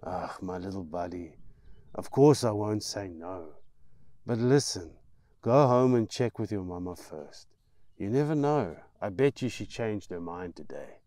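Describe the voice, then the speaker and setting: A man voicing a big, burly, hungover man who is gruff but kind, grunting loudly. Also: low voice, animated, unhurried, no echo. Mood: kindly reassuring.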